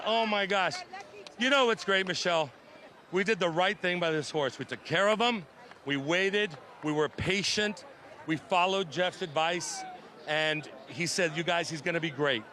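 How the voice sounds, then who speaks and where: A racehorse owner interviewed after a win, excited and emotional, gushing over the result. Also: male voice, a little high, a little hiss or hum. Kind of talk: post-race interview. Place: outdoors at a racetrack.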